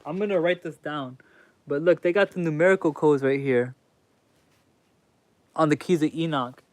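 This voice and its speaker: A man reading a book aloud haltingly on stream, breaking off to chat casually with his viewers. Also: fairly high pitch, dry recording. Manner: reads haltingly, chatting with viewers. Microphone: mic crackles when he leans in.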